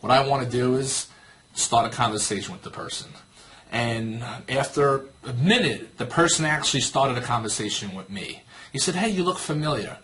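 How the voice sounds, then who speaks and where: A man in his thirties teaches a sales training session with plenty of energy. He tells a story and acts out both sides of the conversation. His voice sits at an ordinary pitch for a man. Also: fairly bright tone. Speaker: network marketing trainer.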